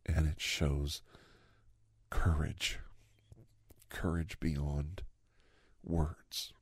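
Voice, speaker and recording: A man in a whispered role-play, rambling in an earnest, sentimental way with soft whispered asides, close to the microphone. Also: low voice, takes it slowly, gravelly, husky, no room sound. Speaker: host playing a doctor character.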